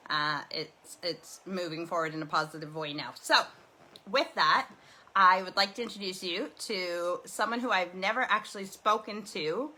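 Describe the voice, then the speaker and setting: Bright-voiced chatty Canadian woman host. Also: fairly low pitch, moderate pace. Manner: rambling, chatty, many fillers. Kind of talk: casual chat. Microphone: video call.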